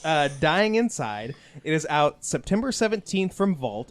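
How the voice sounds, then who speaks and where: A man hosting a podcast in casual chat, rambling with lots of fillers. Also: mid-range voice. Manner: rambling, lots of "like" and "you know". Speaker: podcast host.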